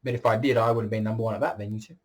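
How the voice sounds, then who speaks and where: A man's voice: on the low side, steady tone, rapid-fire. A man talking straight to camera in a vlog monologue, blunt and boastful and swearing freely. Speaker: vlogger.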